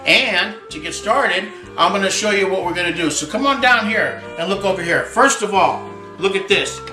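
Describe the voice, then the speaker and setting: A man with a high, bright voice hosts a home cooking show. He chats in a folksy, joking way and sprinkles in Italian words. The room is echoey, with faint guitar music behind him. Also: animated, normal speed.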